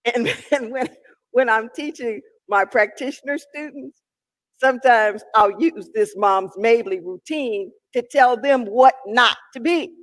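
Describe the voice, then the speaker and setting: A minister preaching a sermon with emphatic delivery, drawn-out key words and sudden loud calls. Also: mid-range voice. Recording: long reverb in a large hall.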